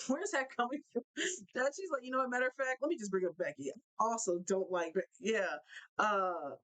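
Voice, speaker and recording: A young woman hosting a live basketball talk show, ranting in an animated way and repeating herself for emphasis. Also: fairly high pitch, moderate pace, rough recording. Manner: animated, repetitive, fired-up ranting. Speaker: show host.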